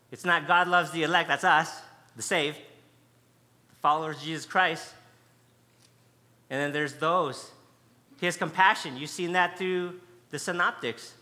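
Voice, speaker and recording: A man delivers a sermon with a bright, piercing tone and a slightly high voice. He preaches conversationally but with emphasis, leaning on repeated key words. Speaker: pastor.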